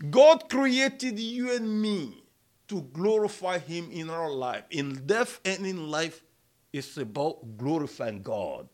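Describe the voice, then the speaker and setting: A middle-aged male preacher with a high voice delivers a sermon at an unhurried, measured pace. He leans on repeated phrases for emphasis and speaks straight to his listeners as brother and sister. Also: fairly bright tone.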